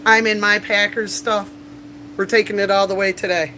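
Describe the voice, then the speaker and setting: A woman's voice: medium pitch, flat delivery, moderate pace, pushed and bright, a little hiss or hum. A woman chatting casually on a livestream from a bar, rambling through stories with laughs and coughs. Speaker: livestreamer and bartender. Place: bar, indoors.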